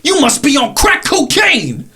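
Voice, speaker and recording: A man voicing a scrawny, spectacled male chimp bandleader who shouts and brags in a high, cocky voice. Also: huge pitch swings, measured pace, full character voice. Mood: brash.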